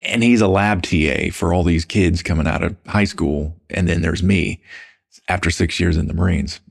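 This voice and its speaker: A man speaks in a very low, gravelly voice. He tells stories as an interview guest, relaxed and anecdotal, and drops in a casual "man" or "dude" along the way. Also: normal speed. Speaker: podcast guest.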